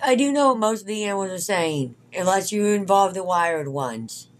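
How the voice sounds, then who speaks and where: A woman's voice: medium pitch, lively intonation, moderate pace, a little hiss or hum. A woman, the host's mother, chatting casually in a dry, matter-of-fact way. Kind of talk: casual family chat.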